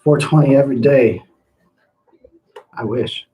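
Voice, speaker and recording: A man chatting casually to his livestream audience from a room at home. His pitch sits in the middle range. He talks loosely and profanely, laughs often, and drifts into rants. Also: measured pace, warm tone, low-quality recording. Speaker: livestream host reading chat.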